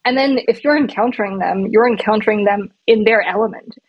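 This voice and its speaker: Raspy-voiced woman guest, dry close sound, trips over her words, jokey. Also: medium pitch, brisk, dry recording, muffled recording. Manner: hesitant restarts, playful and self-mocking. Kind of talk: casual interview chat.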